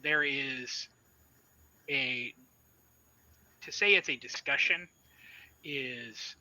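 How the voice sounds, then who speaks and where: A man's voice: medium pitch, extremely slow, sharp tone, no room sound, rough recording. A man narrating a sci-fi horror tabletop game as game master, casual and loose with fillers.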